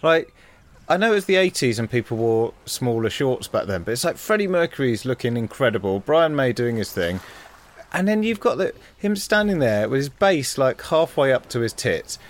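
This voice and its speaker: Podcast co-host riffing animatedly. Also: male voice, medium pitch, big pitch swings, moderate pace. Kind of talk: casual chat.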